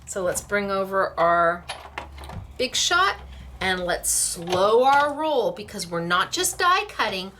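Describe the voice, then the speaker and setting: A woman's voice: medium pitch, sing-song, slow, bright, forceful tone, slight background noise. A woman hosting a casual craft demonstration, chatty and upbeat, laughing easily as she works. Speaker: craft shop host.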